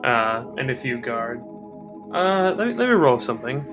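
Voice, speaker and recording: A man running a tabletop game as game master, pausing often with filler sounds. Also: mid-range voice, sing-song, a bit bright, soft background music. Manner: hesitant, frequent filler sounds.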